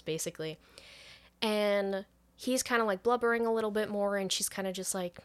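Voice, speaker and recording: A woman's voice: mid-range voice, normal speed, clean tone. Woman co-host, casual film recap, swears a lot, acts out quoted lines. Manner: profane, animated recap with quoted voices. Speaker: podcast co-host retelling a film. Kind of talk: casual chat.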